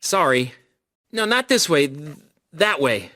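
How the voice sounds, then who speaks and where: An insecure young knight frets and runs himself down in a game. His voice runs a little high and moves up and down a lot. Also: sing-song, takes it slowly, sharp tone, heavily acted. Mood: fretful. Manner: self-deprecating, fretful. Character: insecure young male knight on guard duty.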